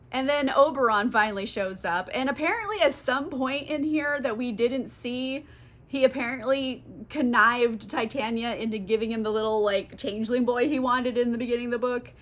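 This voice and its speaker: A woman's voice: a little high, a bit bright. A woman giving a casual, comic book summary, giggling often, swearing and saying "like" a lot. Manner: giggly, profane, lots of "like". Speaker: book vlogger.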